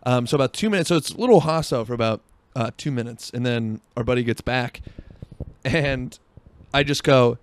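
A man's voice: mid-range voice, quick pace, dry recording. A young man hosting a podcast, telling a rambling, profane story in a casual monologue full of fillers, talking while driving. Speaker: podcast host.

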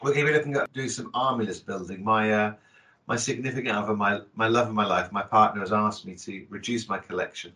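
Guy cohosting a hobby podcast, bright punchy voice, kinda low, jokey and chatty. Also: fast talker. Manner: chatty and jokey, with self-corrections. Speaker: podcast co-host. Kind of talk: casual chat.

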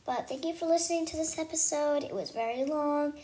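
A woman reading a children's storybook aloud in lively first-person narration with casual asides to listeners. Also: high voice, a little fast. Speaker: storybook reader.

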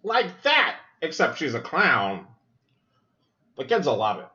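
Lively, profane man riffing on a movie. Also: medium pitch, a little slow, dull audio. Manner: loose, profane, joking running commentary. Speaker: podcast host. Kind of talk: casual movie watch-along commentary.

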